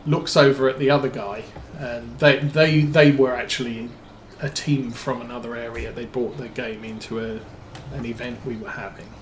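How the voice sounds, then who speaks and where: A man's voice: medium pitch, fairly even intonation, normal speed, few pauses, reverberant, a little hiss or hum, low-quality recording. A man streaming a game, telling a long rambling story with many fillers and restarts. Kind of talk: casual storytelling while playing a farming game.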